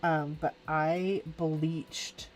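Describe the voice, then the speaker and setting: A woman's voice: low voice, level tone, drawn-out words, slight background noise. Chatty woman in her forties. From California, USA. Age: 40s. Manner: chatty, rambling, says "like" a lot, laughs often. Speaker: artist streaming a live coloring session. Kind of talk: casual live-stream chat while drawing.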